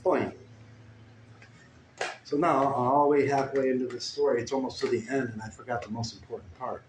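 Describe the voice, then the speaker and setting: A man telling a crude, meandering comic story with deadpan asides. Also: mid-range voice, moderate pace. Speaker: comedic storyteller. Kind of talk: rambling improvised comic story. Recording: echoey room with faint ambient noise. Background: guitar playing.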